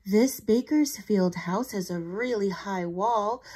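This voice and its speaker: A woman teacher reading a picture book aloud to children, expressive and asking the listeners questions. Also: mid-range voice, slow pace, slightly rough. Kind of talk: read-aloud storytelling for children.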